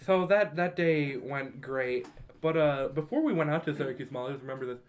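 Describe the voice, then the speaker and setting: A man's voice: medium pitch, brisk. A young man co-hosting a podcast, casually telling a profane, laugh-filled story to friends. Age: young adult. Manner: laughing, profane, animated retelling. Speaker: podcast co-host.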